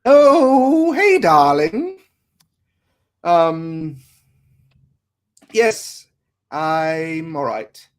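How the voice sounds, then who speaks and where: A player voicing a well-off mother phoning her adult daughter during a tabletop role-play, halting and full of restarts. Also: mid-range voice, lively intonation, creaky, a little mellow. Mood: doting.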